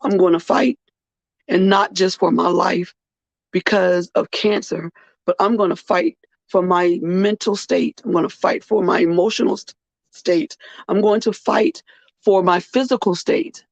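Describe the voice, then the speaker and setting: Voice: mid-range voice, a little slow, creaky, dry recording. A podcast host, tired and earnest, speaking in a personal heartfelt monologue and repeating phrases for weight. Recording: dull, muffled dry recording.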